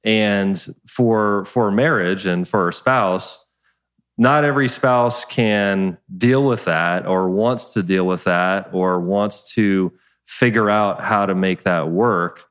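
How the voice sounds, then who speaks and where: A man's voice: lowish voice, takes it slowly, fairly bright tone, smooth. Man asking long, rambling questions. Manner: thoughtful, rambling questions with restarts. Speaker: podcast host. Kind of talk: interview questions.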